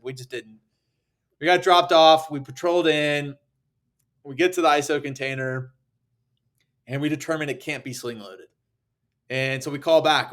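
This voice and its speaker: An American man in his thirties telling stories casually on a podcast, animated and acting out quoted lines. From United States. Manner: animated, acts out quotes with rising pitch. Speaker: podcast guest. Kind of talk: casual storytelling.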